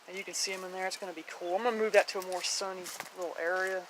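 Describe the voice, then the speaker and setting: A woman's voice: lowish voice, steady tone, quick pace, fairly bright tone, a little hiss or hum. A woman giving a casual walking tour of her home garden, chatty and rambling, blunt, with mild swearing and frequent laughter.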